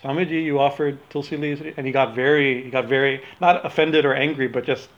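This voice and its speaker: A man's voice: medium pitch, fairly even intonation, fairly quick, fairly bright tone. A man giving an informal religious talk, rambling and correcting himself, with frequent laughs. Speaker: religious teacher. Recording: dull lo-fi recording.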